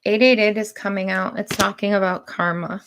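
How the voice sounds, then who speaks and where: A woman giving spiritual readings on a live stream, speaking in slow, deliberate, drawn-out phrases. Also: mid-range voice, steady tone, fairly bright tone, a little hiss or hum. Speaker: spiritual reader.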